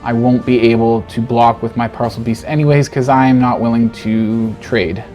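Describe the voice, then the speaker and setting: A man's voice: medium pitch, moderate pace, soft background music. Male gamer muttering through a card game. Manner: animated, talks to himself, frustrated jokes. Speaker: game streamer. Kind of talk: gameplay commentary.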